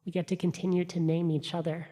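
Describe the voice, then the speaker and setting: A rabbi welcoming a congregation in person and online, then giving a short reflection with gentle humor. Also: male voice, on the high side, flat delivery, fast. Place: synagogue sanctuary. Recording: long hall reverb.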